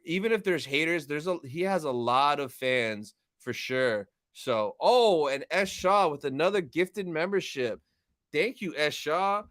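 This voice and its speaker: A man's voice: a little high, animated, measured pace, fairly bright tone, no room sound, studio quality. A young man hosting a live stream, casually chatting with viewers, reading chat aloud and thanking them.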